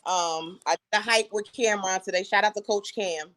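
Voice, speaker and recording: Lively New woman chatting casually. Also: mid-range voice, slight background noise. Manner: animated, quick bursts, casual slang. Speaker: co-host and author. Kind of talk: casual livestream chat.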